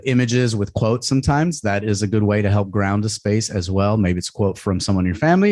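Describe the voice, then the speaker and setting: Low-voiced man giving a workshop talk. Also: darkish tone, no echo, studio quality. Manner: conversational, many fillers and tag questions. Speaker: presenter. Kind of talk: community workshop presentation.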